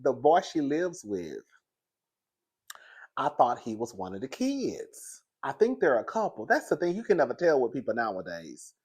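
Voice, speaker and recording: A man's voice: normal speed, breathy edge. A man telling a casual story to the camera in a chatty gossip style, often calling the listener "girl" and laughing through it. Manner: animated, high-pitched and loud when laughing through the story. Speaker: vlogger.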